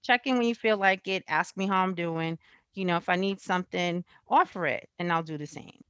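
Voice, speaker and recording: A woman in a casual chat, easygoing and quick with her asides. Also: fairly low pitch, a bit bright, clean tone, no room sound, lo-fi sound.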